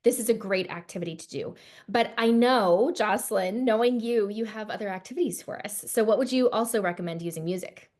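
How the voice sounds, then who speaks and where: A woman's voice: medium pitch, fairly quick, darkish tone. A woman guest educator who eagerly explains a skill step by step in casual talk.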